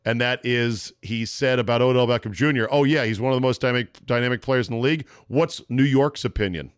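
A man's voice: mid-range voice, clear, resonant tone, no room sound, studio quality. A man hosting a casual sports talk podcast, brash and joking as he riffs on stories. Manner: brash, joking, quick storytelling. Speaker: podcast host.

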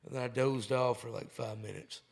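A man's voice: medium pitch, fairly even intonation, a little fast, creaky. A man telling a rambling story in a loose, swearing, laid-back way. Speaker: comedian guest. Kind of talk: casual storytelling.

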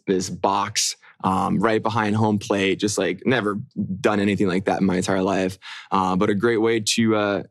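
A young man co-hosting a podcast chats in a laid-back, rambling way, using lots of fillers. His voice is on the low side, and the clean studio sound has no echo.

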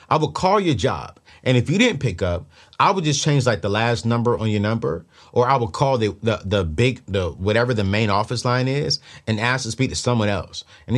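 A man's voice: mid-range voice, slightly rough. A man hosting a podcast, talking casually and with emphatic, preachy bursts to his listeners. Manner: animated, preachy, rising to loud emphatic bursts. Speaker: podcast host.

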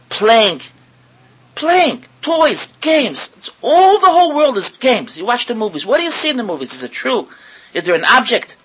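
Animated, husky-voiced male preacher. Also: high voice, rough recording. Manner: animated, full of rhetorical questions, repeats words; mixes in Hebrew and Yiddish words. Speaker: rabbi giving a talk. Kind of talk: sermon to an audience.

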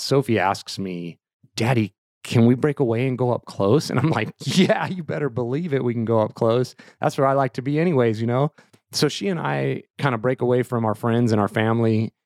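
Earnest man with a low voice. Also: no room sound, studio quality. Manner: earnest, emotional, full of fillers like "like". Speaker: podcast host. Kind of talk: personal storytelling.

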